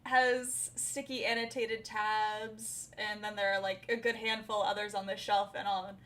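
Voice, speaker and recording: A woman's voice: medium pitch, level tone, unhurried, a bit bright. A young woman author chatting on a live stream, bubbly and giggly, rambling from one topic to the next. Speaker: debut novelist and streamer. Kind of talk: casual livestream chat.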